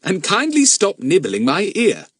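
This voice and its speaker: Man playing a firm storybook schoolboy, raised pitch, husky. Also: wildly swooping pitch, unhurried, no room sound, studio quality, heavily acted. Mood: stern. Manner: firm, stern. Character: sensible boy with a monkey, young teen.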